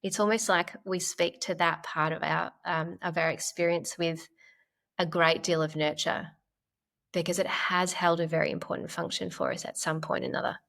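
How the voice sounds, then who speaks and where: A woman clinical psychologist, a podcast guest, explaining ideas gently and in a measured way, with frequent "like" fillers. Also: lowish voice, fairly even intonation, gravelly. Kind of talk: conversational podcast interview.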